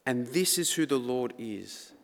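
A man's voice: medium pitch, expressive, measured pace, gravelly. A man preaching a sermon, conversational but building to dramatic emphasis. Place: church hall. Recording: long reverb of a church hall.

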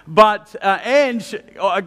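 Australian man, church host, chatty, laughs a lot, high voice, echoing hall. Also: lively intonation, slow pace, fairly bright tone. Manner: jokey, chatty, laughs often. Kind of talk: live on-stage interview. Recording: long hall reverb.

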